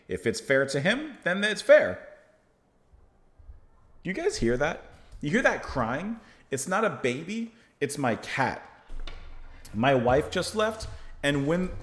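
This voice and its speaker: A man hosting a music reaction, chatting casually and jokily while quoting lyrics. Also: fairly high pitch. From United States. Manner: animated, jokey, quotes lyrics aloud. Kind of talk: casual music review chat. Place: home room. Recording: echoey room.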